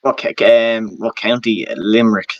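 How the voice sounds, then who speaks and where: A man's voice: fairly low pitch, fairly even intonation, normal speed, muffled recording, a crowd in the background. A young man with a Dublin Irish accent in casual podcast chat, stubborn and opinionated, often restarting his sentences. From Dublin, Ireland.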